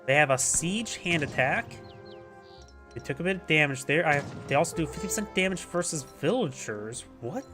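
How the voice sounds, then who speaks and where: A man's voice: a little high, expressive, moderate pace, over music. A man with a stuffy, congested nose giving casual live commentary on a strategy game, thinking aloud and correcting himself as he goes. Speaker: game caster.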